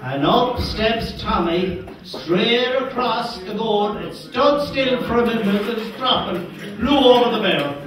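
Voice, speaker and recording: A man's voice: sits high, lively intonation, measured pace, a crowd in the background. An older Irish man giving an anecdotal speech as a former team manager, chuckling as he tells stories and acts out what people said. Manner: chuckling storyteller, acts out quotes. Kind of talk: anecdotal after-dinner speech. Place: function hall. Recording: echoey hall, distant mic.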